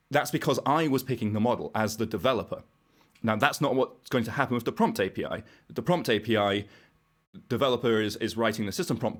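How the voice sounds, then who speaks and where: A British man, a guest on a podcast, explaining technical ideas in a casual, wry way and thinking aloud as he goes. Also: medium pitch. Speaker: podcast guest, browser engineer.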